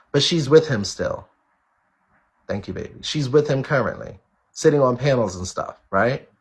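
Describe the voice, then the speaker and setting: A man with a husky, slightly rough voice at an ordinary middle pitch, hosting a casual live stream. He talks bluntly to his viewers, swears freely and hammers his points home by repeating them. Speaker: live-stream show host.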